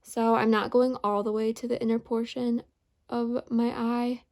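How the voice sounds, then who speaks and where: A woman narrates a makeup tutorial in an unhurried, step-by-step way. Her voice sits a little high, with a lot of vocal fry. She talks slowly and evenly as she explains each step. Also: little pitch movement, darkish tone. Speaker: beauty vlogger.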